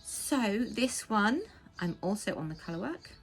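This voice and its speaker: An English woman chatting casually as the host of a knitting podcast, rambling with quick asides. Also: mid-range voice, lively intonation, soft background music. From England. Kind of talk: casual chat. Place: home.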